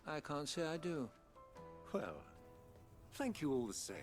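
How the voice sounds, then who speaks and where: An actor playing a brooding, bitter male video game hero with a deep, tough, reserved delivery. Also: sing-song, measured pace, music in the background.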